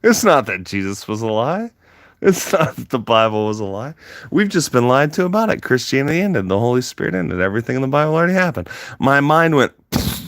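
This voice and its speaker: A man's voice: medium pitch, very animated, fairly quick, fairly bright tone, no echo, studio quality. A man livestreaming, ranting heatedly at his chat with constant swearing and emphatic repetition.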